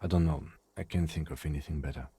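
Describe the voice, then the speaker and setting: An actor playing a calm, reserved male police lieutenant in a video game, speaking in a measured, matter-of-fact way. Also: rumbling low, slight background noise.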